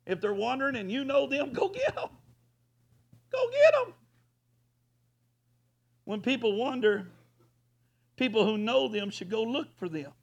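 A man preaching a folksy sermon as pastor, rising at times to loud hollers. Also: high-pitched, creaky.

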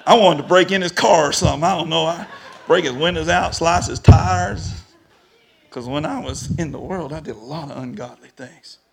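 A man preaching a storytelling sermon, animated and rising to shouts at the peaks. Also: on the high side, normal speed, creaky.

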